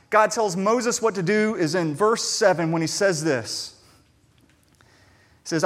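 A man preaching a sermon, animated, acting out the voices of the figures he reads about and shifting between quiet and loud. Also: high-pitched, slow pace, pauses often. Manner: animated, acts out biblical voices with shifting loudness. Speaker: pastor.

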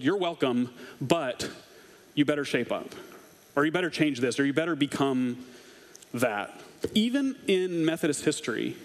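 Wry pastor in a reverberant hall. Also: male voice, mid-range voice. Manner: casual and wry, with chuckles and snarky asides. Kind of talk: conversational sermon.

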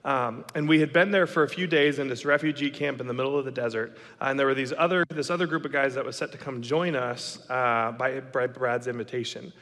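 A man in his thirties telling a story to an audience, animated and dramatic, acting out the lines of the people in it. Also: mid-range voice, brisk, hardly any pauses. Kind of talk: storytelling talk. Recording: long reverb of a hall.

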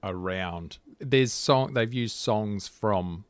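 A man's voice: lowish voice, slow, clean tone, no echo. A man co-hosting a podcast in casual chat, often restarting sentences and laughing. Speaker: podcast co-host.

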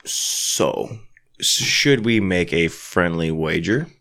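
A man with a low but bright, forceful voice that swings all over as he jokes. He's a podcast co-host in loose casual chat, sipping whiskey and swearing freely. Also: slow pace, vocal fry. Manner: animated, joking, swears freely. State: drinking whiskey.

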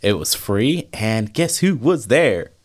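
A man co-hosting a sports podcast, opening the episode in an easygoing, relaxed way and laughing often. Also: lowish voice, takes it slowly. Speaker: podcast co-host. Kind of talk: casual podcast chat.

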